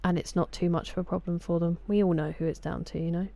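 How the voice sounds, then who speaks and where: Low, mellow Sussex woman streaming. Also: fairly even intonation, quick pace, creaky, a little hiss or hum. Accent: Sussex English. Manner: chatty, greets viewers by name. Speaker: game streamer. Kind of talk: casual live-stream chat.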